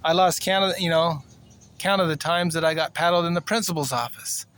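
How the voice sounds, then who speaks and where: A man in his sixties, originally from Cuba, recounting memories in a loose, meandering way. His voice sits a little higher than most men's, and his speech is plain and unpolished, full of fillers and restarts. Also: steady tone, fairly quick, a bit bright. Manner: rambling, plainspoken, many fillers. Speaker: vlogger. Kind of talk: personal storytelling.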